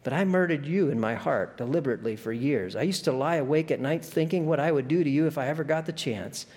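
A man voicing the calm spirit of a reformed man, speaking gently, plainly and steadily. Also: a little high, fast talker, lightly acted. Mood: earnest. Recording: long echo of a large hall.

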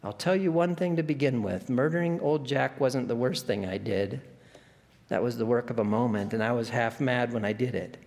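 A calm spirit of a reformed man speaks plainly and earnestly, voiced by a man. His voice sits at an ordinary middle pitch. The sound carries a long hall reverb. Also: normal speed, gravelly, natural voice. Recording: long echo of a large hall.

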